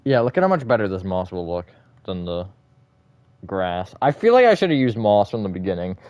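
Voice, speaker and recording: Low-pitched dude on a live stream, rambly, sounds kinda tired, goes from flat and let-down to suddenly hyped. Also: male voice, fairly quick, dry recording. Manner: swings between flat, disappointed-sounding and bursts of high energy; rambling, thinks aloud with fillers and self-corrections. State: short on sleep. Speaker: livestreamer. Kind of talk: casual livestream chat while gaming.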